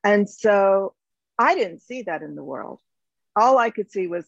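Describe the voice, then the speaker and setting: Reflective woman founder, gravelly voice. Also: medium pitch, expressive, measured pace, no room sound. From United States. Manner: reflective, many fillers and restarts. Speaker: company founder, guest. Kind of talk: interview. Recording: dull, slightly lo-fi sound.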